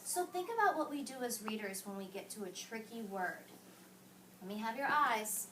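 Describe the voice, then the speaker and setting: A woman teacher with a high voice patiently reads a picture book aloud to young children, coaching them through each word. She often hushes the kids to keep them quiet. The recording is roomy and distant, with soft background noise. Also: expressive, normal speed. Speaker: elementary school teacher. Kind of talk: reading a picture book aloud and modeling strategies. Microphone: camera some distance away. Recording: roomy classroom sound, distant mic.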